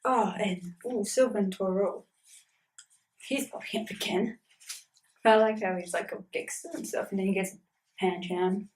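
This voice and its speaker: A woman's voice: mid-range voice, fairly even intonation, moderate pace, long pauses, darkish tone, a little hiss or hum, low-quality recording. A woman chatting casually in a vlog about a tabletop campaign she plays in, rambling with lots of fillers.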